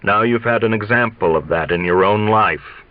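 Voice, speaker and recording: A man reading aloud, voicing a frail old male coach who lectures slowly in a sly, scolding schoolteacher tone. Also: lowish voice, no room sound, highs cut off, close to an everyday voice. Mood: solemn.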